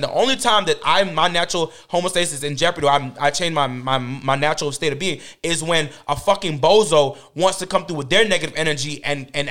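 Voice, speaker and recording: A man's voice: fairly high pitch, a bit bright. A man in a casual group discussion, telling stories in an emphatic, repetitive, profane way.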